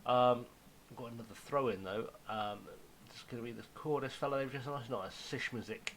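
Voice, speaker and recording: A man's voice: medium pitch, moderate pace, a little hiss or hum, low-quality recording. Chatty man commentating his football game. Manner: chatty, self-mocking, drops to a hushed aside. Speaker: gaming YouTuber.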